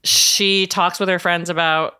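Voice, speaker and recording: A podcast co-host giving a wry, deadpan play-by-play recap of a reality show in casual chat. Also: medium pitch, measured pace, clear, resonant tone.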